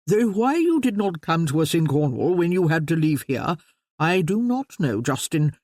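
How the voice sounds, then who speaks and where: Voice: medium pitch, big pitch swings, normal speed, a little mellow, dry recording, studio quality. A narrator doing a bluff aristocratic uncle.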